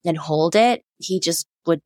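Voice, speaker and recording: Woman, low voice, soft, heartfelt, thoughtful, dry close recording. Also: unhurried, dry recording. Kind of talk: reflective conversation.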